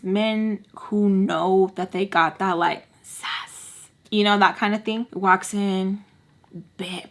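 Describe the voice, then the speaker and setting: Animated young woman telling a story. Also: mid-range voice. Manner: animated, slangy, acts out every quote. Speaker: vlogger. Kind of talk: casual storytime.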